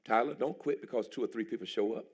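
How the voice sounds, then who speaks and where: A pastor preaching a sermon in a church, a man who jumps into a high excited voice and shouts as he tells stories. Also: fast, slightly rough. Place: church sanctuary.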